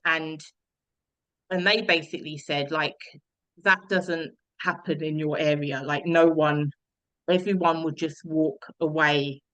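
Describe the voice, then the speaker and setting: A woman's voice: on the low side, bright, forceful tone, smooth, poor audio. A young woman telling her personal story as an interview guest, earnest and reflective, with frequent restarts.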